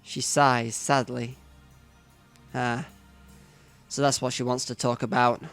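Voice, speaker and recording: A man's voice: mid-range voice, flat delivery, slow, a bit bright, smooth, faint music behind. A man playing through a visual novel, reading the narration aloud in first person with asides to the viewer. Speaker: let's player.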